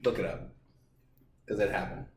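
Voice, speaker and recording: A young man co-hosting a casual podcast, joking and insisting in quick banter. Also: a little mellow. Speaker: podcast co-host. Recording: echoey room, distant mic, noise.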